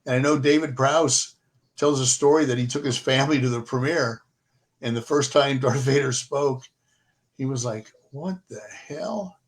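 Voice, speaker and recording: An older man chats casually in an ordinary middle pitch. He rambles through his stories with lots of fillers and restarts. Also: flat delivery, normal speed. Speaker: podcast co-host. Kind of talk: casual chat.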